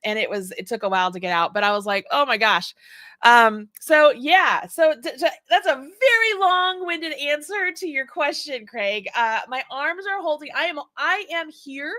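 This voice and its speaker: A woman in her forties hosts a casual chat, rambling happily with laughs and restarts. Her voice is bright and a little high. The sound is dry and close. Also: expressive, moderate pace, no echo. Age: 40s. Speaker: host.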